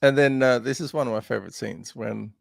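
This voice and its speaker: A man's voice: medium pitch, fairly quick, vocal fry, no echo, studio quality. A man hosting a podcast, chatting casually about a film with lots of laughs and fillers. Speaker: podcast host.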